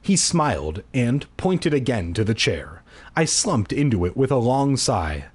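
A man reads a children's horror story aloud as comedy, tossing in dry, sarcastic remarks between passages. His pitch is lively and swings widely as he reads. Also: measured pace, husky. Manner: sarcastic asides, deadpan jokes. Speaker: reader. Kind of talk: comic read-aloud of a kids' horror book.

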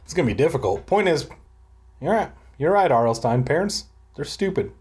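A man's voice: fairly high pitch, expressive, a little fast, darkish tone. A young man giving a comedic reading of a children's book, breaking off for crude, irreverent asides. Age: young adult. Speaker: reader.

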